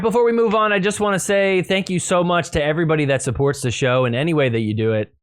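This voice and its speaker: A man hosting a sports podcast, recapping games in a casual, excitable way and laughing at the calls. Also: fairly high pitch, smooth. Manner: excitable, laughing, mock-quoting players. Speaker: podcast host.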